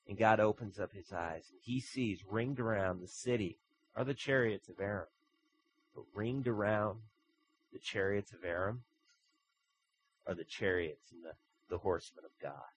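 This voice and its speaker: A man preaching a sermon, telling stories that rise into loud bursts and drop to soft asides. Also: fairly low pitch, moderate pace, slight background noise, poor audio. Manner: storytelling with sudden loud swells and soft drops. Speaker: pastor.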